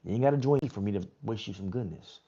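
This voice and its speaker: A laid-back man hosting a livestream, chatting loosely with viewers and reading scripture aloud. His voice sits low and mellow, and his talk is easygoing and slangy. The stream audio is dull and lo-fi. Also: expressive, fast talker, husky. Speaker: livestream host reading the Bible. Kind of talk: casual livestream chat and Bible reading.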